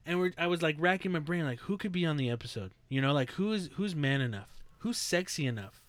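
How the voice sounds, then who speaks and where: A man's voice: a little high, lively intonation, fairly quick, no echo. A man hosting a casual podcast, hyped and teasing in tone. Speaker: podcast host.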